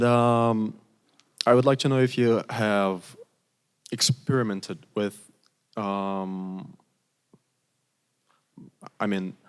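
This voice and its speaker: A man's voice: on the low side, clean tone. A man in the audience asks a question hesitantly, with many fillers. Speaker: audience member asking a question. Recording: reverberant hall.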